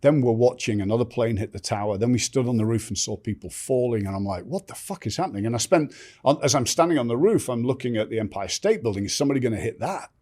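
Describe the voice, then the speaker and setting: A man's voice: mid-range voice, expressive, fast talker, warm tone. An older man telling his life story candidly as a podcast guest, blunt and swearing freely, often restarting sentences.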